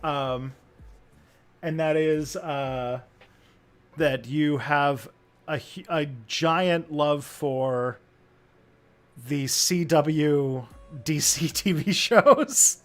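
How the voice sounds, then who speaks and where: A man hosting a casual chat, relaxed and hesitant, often laughing as he speaks. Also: a little high, drawn-out words, long pauses, soft background music. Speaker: host.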